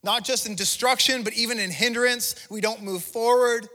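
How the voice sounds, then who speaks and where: A man's voice: very high voice, steady tone, normal speed, sharp tone, in a large hall. A male pastor giving an impassioned, conversational sermon, restarting phrases as he preaches in a church. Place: church sanctuary.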